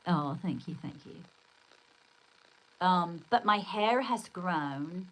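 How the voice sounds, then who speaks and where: A woman's voice: on the low side, expressive, takes it slowly, fairly bright tone, low-quality recording. Chatty older woman livestreaming. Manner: chatty, rambling, exclamatory, reads viewer comments. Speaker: livestream host. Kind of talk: casual livestream chat.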